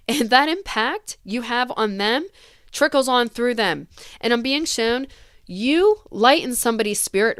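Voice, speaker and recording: A woman reading tarot for her viewers, speaking in an earnest, gentle, rambling way with fillers and small laughs. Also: medium pitch, clean tone, no room sound, clean studio sound. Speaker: tarot reader.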